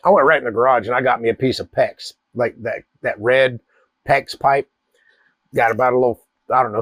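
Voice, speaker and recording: A man, hosting a cigar channel and telling a wild story in a profane, animated way. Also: medium pitch, dry recording. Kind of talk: casual storytelling.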